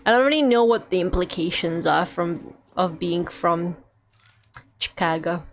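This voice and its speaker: With a lowish voice and a measured pace, a young Russian woman chats casually while streaming a game, a little hiss or hum behind her. She rambles, leans on fillers, and laughs a lot.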